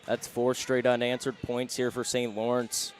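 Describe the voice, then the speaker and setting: A man adds color commentary to a volleyball match, explaining plays and recapping the score. His voice sits at an ordinary middle pitch. Clear gym noise runs behind him. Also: monotone, moderate pace. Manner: analytic, sums up runs and scores. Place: indoor gym.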